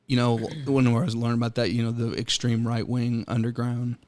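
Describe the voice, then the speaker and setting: A man at a middle pitch talks loosely in an easygoing podcast chat. He rambles and restarts, drops swear words freely, and often breaks into laughter. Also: monotone, fairly quick, darkish tone. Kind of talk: casual chat.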